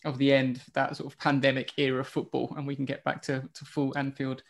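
A man's voice: mid-range voice, monotone, fast. A man hosting a casual football podcast, steering the talk and asking questions. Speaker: podcast host.

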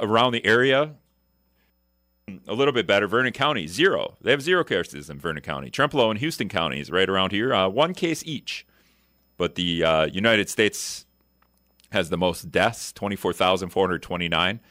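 Man, radio host, deep voice, dry close sound, rambling, self-correcting. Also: sharp tone, dry recording. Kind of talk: casual talk radio chat.

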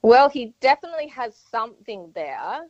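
A woman's voice: on the high side, sing-song, moderate pace, darkish tone, dry recording. A woman singing teacher calling in to a radio show, polite, upbeat and diplomatic. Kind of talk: phone call on radio. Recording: muffled phone line.

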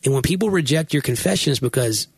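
A man's voice: medium pitch, animated, fast, gravelly, slightly rough, no echo. A man who is a pastor, hosting a podcast and talking in an earnest, reflective way with frequent restarts. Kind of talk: casual podcast conversation.

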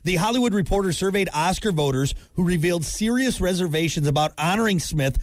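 A man's voice: high-pitched, animated, fast, no echo. A man co-hosting a morning radio show, joking around in casual banter and reading news items and ads in a studio. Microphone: studio microphone.

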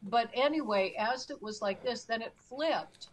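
There's slight background noise as a middle-aged talk show guest recounts something that happened to her. Her voice sits on the high side and moves a little slowly, and she acts out her pleas with emphasis in this conversational story.

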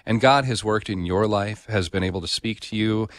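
A man's voice: fairly low pitch, moderate pace, no echo, clean studio sound. A man hosting a call-in religious radio show, talking in a friendly, plain way with small "uh" fillers. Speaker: radio host.

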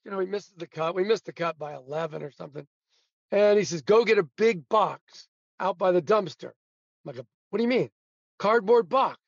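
Guest storyteller, male, high voice, dry dull lo-fi sound, chuckles through tales. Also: no room sound. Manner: animated anecdotes, laughs often. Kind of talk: casual storytelling interview.

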